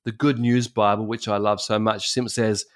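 A man's voice: fairly low pitch, level tone, normal speed. A male pastor with an Australian accent, preaching a sermon in a fervent way and repeating phrases for emphasis. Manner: fervent, repetitive exhortation with restarts.

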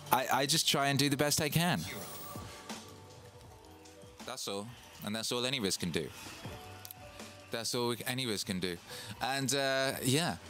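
A man hosting a casual livestream, hyped and boastful, repeating himself and giving shout-outs to viewers. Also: mid-range voice. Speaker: livestream host and DJ. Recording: faint music in the background. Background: Christmas music playing.

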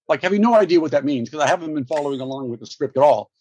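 A man, a guest actor, telling stories in an interview, animated and laughing, with many restarts. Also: mid-range voice, fast talker, breathy edge, dry recording, highs cut off. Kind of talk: storytelling interview.

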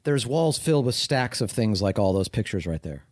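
A man in a casual chat who talks haltingly, restarting and asking questions. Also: on the low side, big pitch swings.

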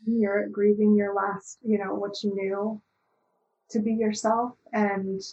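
Slow, calm-spoken middle-aged woman. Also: medium pitch, muffled recording, slight background noise. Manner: slow, calm, searching with many pauses. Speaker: guest. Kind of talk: reflective interview talk.

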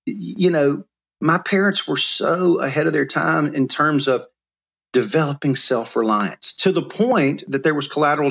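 A middle-aged man from Alabama, telling life stories as an interview guest in an animated way with frequent restarts. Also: mid-range voice. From Mobile, Alabama. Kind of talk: storytelling interview.

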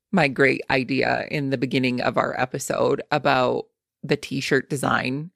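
A woman's voice: low-pitched, creaky, fairly bright tone, no echo, clean studio sound. A woman hosting a podcast, chatting casually and speaking straight to her listeners in an upbeat way. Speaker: podcast host. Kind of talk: casual podcast interview and sign-off.

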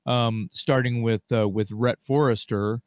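A man's voice: medium pitch, steady tone, measured pace, darkish tone, clean tone. An enthusiastic man co-hosting a casual interview, swearing freely as he talks. The sound is dry and close, with no room echo. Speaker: co-host.

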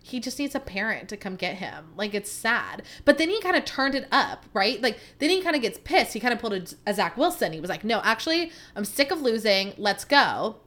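A woman's voice: a little high, a little fast, hardly any pauses. A woman in her thirties hosting a podcast, chatting casually and animatedly, saying "like" a lot. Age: 30s. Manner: chatty, animated storytelling, heavy use of "like". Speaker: podcast host. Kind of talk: casual chat.

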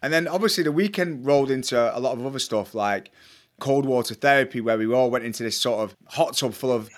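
A quick-talking man hosting a casual podcast interview, his words tumbling out quickly. He speaks with enthusiasm as he retells what happened and turns to address the listeners directly. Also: medium pitch. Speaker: podcast host.

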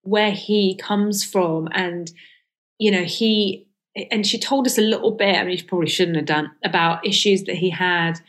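Reflecting on school days in a casual interview, a middle-aged female comedian guest speaks candidly but hesitantly, often restarting. She talks at normal speed in a fairly low, fairly bright voice with fairly even intonation.

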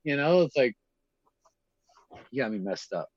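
A man, telling stories in casual chat, animated and acting out quotes with lots of fillers and swearing. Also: medium pitch, a little slow, dry recording. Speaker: guest telling prison stories. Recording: dull lo-fi dry recording.

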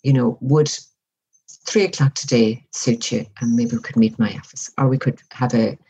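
Measured woman with a husky mellow voice. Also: rumbling low, steady tone, lo-fi sound. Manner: measured, reflective, often acts out example dialogue. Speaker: workplace wellbeing guest. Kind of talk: conversational podcast interview.

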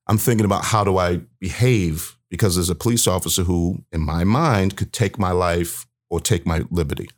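Deep-voiced man telling an emotional story. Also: normal speed, hardly any pauses. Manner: earnest, emotional, vivid retelling with acted-out quotes. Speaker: guest. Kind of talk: personal storytelling.

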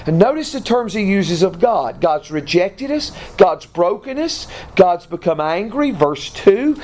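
A man teaching a Bible lesson to a class, speaking deliberately and often restarting his sentences. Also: sits high, lively intonation, a little mellow. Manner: slow, deliberate, with repeated restarts.

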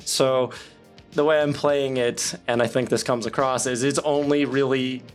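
A man's voice: mid-range voice, fairly even intonation, unhurried, soft background music. A man who runs a tabletop game, chatting playfully and casually about the last session. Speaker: game master. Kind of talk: casual aftershow chat.

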